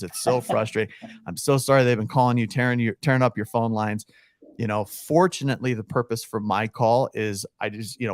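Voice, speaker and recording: A man's voice: medium pitch, no room sound, studio quality. A man being interviewed on a podcast as a real estate coach, energetically acting out phone scripts. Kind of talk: podcast interview, coaching with role-played calls.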